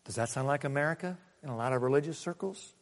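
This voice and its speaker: A male pastor speaks quickly in a medium-pitched voice, with a big-room sound. His sermon is chatty and story-driven, with chuckles, until he presses his points more forcefully, going from soft asides to emphatic declarations.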